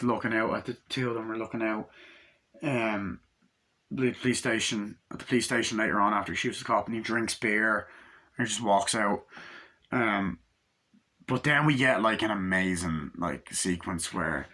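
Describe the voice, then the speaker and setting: Guy rambling thru a movie review, lots of likes and ums, bright voice. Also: fairly low pitch, normal speed. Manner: rambling, swears often, lots of "like" and "um". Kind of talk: casual spoken film review.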